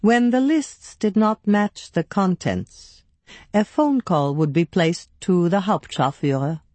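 A woman's voice: fairly low pitch, lively intonation, takes it slowly, dark tone, dry recording. Dry, close woman narrating an audiobook. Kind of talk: first-person scripted narration.

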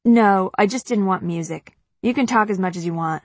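A woman's voice: medium pitch, normal speed, dry recording, lightly acted. A woman reading an audiobook, voicing a laid-back, teasing teenage boy. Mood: easygoing. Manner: easygoing, teasing.

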